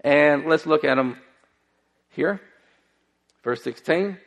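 High-voiced man preaching a lively sermon. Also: slow, big-room sound. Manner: animated preaching with storytelling and acted-out voices. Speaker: pastor.

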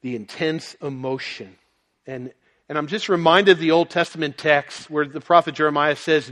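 A man preaching a sermon, moving between quiet, low passages and loud, emphatic ones. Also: moderate pace. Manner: dynamic, swings from soft and low to loud and emphatic.

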